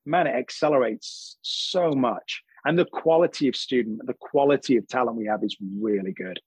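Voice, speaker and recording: A man with a husky, slightly breathy voice explains his craft with an earnest, teacherly manner, dropping a casual "bro" now and then. The sound is close and dry, with no room around it. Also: medium pitch, moderate pace, dry recording, poor audio. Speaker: acting teacher and guest. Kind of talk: casual interview chat.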